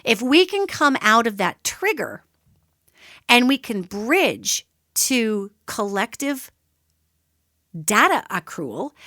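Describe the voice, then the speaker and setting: A woman's voice: fairly high pitch, no echo, clean studio sound. A woman hosting a solo radio talk show, explaining ideas in an emphatic, conversational way and addressing listeners directly. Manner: animated, emphatic, conversational teaching.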